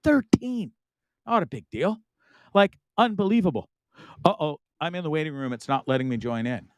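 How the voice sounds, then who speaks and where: A man's voice: a little high, animated, normal speed, no room sound. Rambling, upbeat middle-aged man hosting. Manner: rambling, enthusiastic, frequent laughs and asides. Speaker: host of a live online talk show. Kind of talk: casual live-stream chat.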